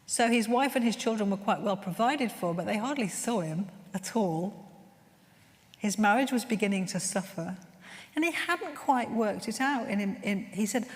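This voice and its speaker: A woman's voice: medium pitch, animated, normal speed. A woman leading a workshop at a chaplains' conference, telling stories in an earnest, heartfelt way. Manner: earnest, heartfelt, gently searching. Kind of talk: conference talk with storytelling. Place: conference room. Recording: long reverb in a large room.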